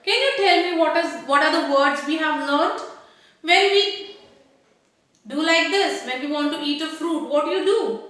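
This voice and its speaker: A woman's voice: high-pitched, animated, normal speed, a bit bright. A woman teacher with an Indian English accent, patiently sounding out rhyming words and asking young children questions in a phonics lesson. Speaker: kindergarten teacher. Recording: very echoey room.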